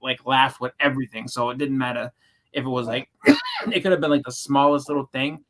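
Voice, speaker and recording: A man's voice: medium pitch, flat delivery, a little fast, fairly bright tone, slight background noise. A man hosting a casual chat, rambling with restarts and fillers, acting out the people in his stories. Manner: acts out quoted voices when telling stories. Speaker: host.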